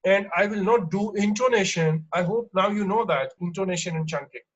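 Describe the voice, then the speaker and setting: A man teaching an online exam-prep lesson, explaining slowly with lots of fillers and restarts. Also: sits high, muffled recording. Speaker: English teacher.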